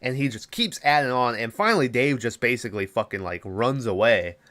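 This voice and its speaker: A man's voice: mid-range voice, expressive, a little fast, a bit bright. A man hosting a podcast, recapping a movie in a rambling, casual way, full of filler words and swearing. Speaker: podcast host.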